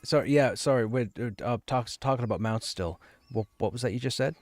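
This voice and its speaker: A man's voice: mid-range voice, fairly quick, a little mellow, soft background music. A man streaming an online game, talking casually with his chat and sharing strong opinions while often restarting his sentences.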